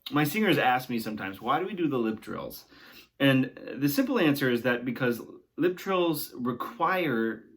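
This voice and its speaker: Leading a vocal warm-up lesson, a man who teaches singing speaks in a mid-range voice. He's encouraging, talks along as the exercises go, and frequently finishes with "right?".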